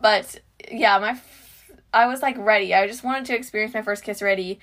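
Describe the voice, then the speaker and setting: A woman's voice: mid-range voice, moderate pace, a bit bright. A teenage girl talks casually as a podcast co-host. She is chatty and giggly and fills her sentences with "like" and "I don't know". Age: teens. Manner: chatty, giggly, lots of "like" fillers. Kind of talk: casual chat.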